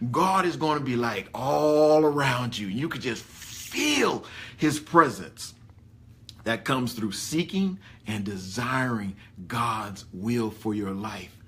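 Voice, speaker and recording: Animated preacher with a lively voice. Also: male voice, mid-range voice. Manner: animated, folksy, rising excitedly on key points. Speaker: pastor. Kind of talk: conversational sermon.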